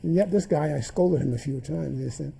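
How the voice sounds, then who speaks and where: A man's voice: fairly high pitch, brisk, vocal fry, warm tone, breathy edge. An older man in an interview, telling memories as stories and acting out the dialogue he recalls. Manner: anecdotal, acts out remembered dialogue. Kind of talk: reminiscing interview storytelling.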